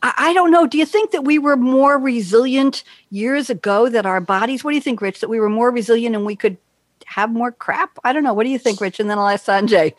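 A woman's voice: on the high side, brisk, no room sound. An older woman hosting an interview, telling long stories in a chatty way and acting out the voices she quotes. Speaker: host. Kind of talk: casual interview chat.

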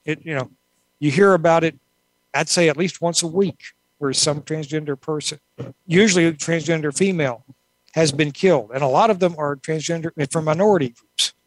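A woman's voice: low-pitched, normal speed, dry recording, poor audio. A woman author answering interview questions in a thoughtful, rambling way, with many asides. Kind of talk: casual conversational interview.

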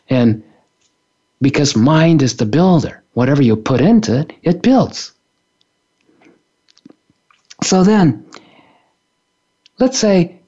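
A man's voice: a little high, a little mellow, breathy edge, dull audio. A man, an author and spiritual teacher, giving a playful, reflective talk on a radio show and laughing often. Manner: playful, laughs often, acts out little scenes.

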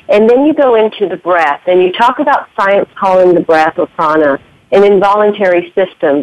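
Low-voiced woman interviewer, dry lo-fi sound. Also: dry recording. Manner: measured, asks long careful questions. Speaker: radio interviewer. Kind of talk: radio interview questions. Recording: dry, dull lo-fi radio sound.

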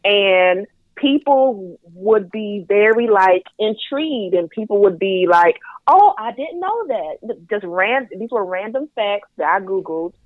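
A woman's voice: mid-range voice, measured pace, dry recording. A woman from North Carolina with a light Southern accent, a sex educator talking as a podcast guest, chatty, with many fillers and restarts. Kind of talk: podcast interview. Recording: tinny phone-line sound.

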